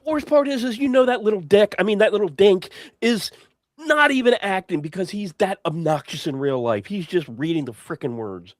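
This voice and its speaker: A man with a high voice who mocks and swears freely through a casual film review chat. The sound is dry and close, with no room. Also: lively intonation, normal speed, no echo. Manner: profane, mocking, laughs often. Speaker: podcast co-host.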